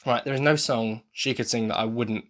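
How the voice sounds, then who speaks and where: A man's voice: medium pitch, fairly even intonation, fairly quick, a bit bright. A tired man with an English accent, gushing in a rambling, enthusiastic way as he hosts a casual solo podcast review. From England. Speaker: podcast host.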